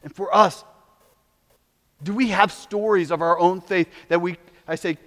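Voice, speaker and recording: High-voiced preacher in a reverberant hall. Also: male voice, normal speed. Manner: dramatic swings between hushed and loud, exhorting. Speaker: pastor. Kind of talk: sermon.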